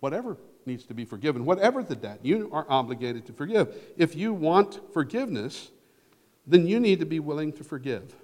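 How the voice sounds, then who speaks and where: Male pastor, sermon delivery, lively pitch swings, long hall reverb. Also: fairly quick. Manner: earnest preaching, swells loud then drops to near whisper.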